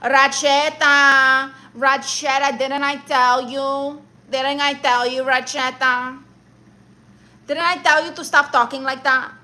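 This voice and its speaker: A woman voicing her loud, nagging middle-aged New York aunt, who scolds in a slow, drawn-out way. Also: sits high, flat delivery, heavily acted. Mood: scolding.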